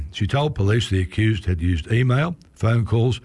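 Croaky aussie guy reading out a newspaper story, lowish husky voice, dead dry mic. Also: no room sound. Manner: steady, measured reading with occasional stumbles. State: hoarse, croaky, clearing his throat. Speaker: volunteer newspaper reader. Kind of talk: reading news articles aloud on radio.

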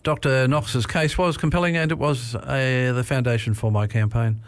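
A man's voice: mid-range voice, fairly even intonation, moderate pace, no room sound. A man presenting a talking newspaper show on community radio, reading an article with frequent "uh" and "um" fillers. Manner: hesitant, with many "uh" and "um" fillers. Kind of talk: hosting a talking newspaper program.

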